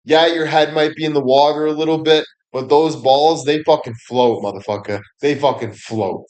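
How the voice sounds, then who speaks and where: A man's voice: on the high side, moderate pace, a little mellow. A man giving a crude, rambling comedic monologue on a livestream, swearing constantly and laughing at his own jokes. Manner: profane, rambling, laughs often, fillers like "you know".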